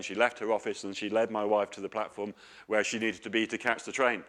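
A man's voice: lowish voice, level tone, fairly quick, fairly bright tone. Guy preaching, earnest, asks lots of questions, middle-aged. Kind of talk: sermon.

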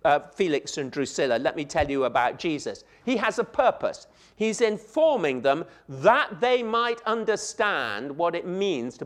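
A man preaching a sermon, emphatic, repeating key phrases and speaking straight to his listeners. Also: a little high. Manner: addresses the listeners directly.

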